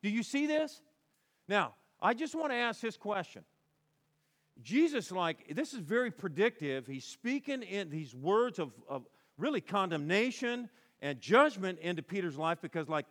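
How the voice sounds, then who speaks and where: Animated male pastor preaching. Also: high voice, normal speed. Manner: conversational and animated, acting out quoted lines. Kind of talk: sermon.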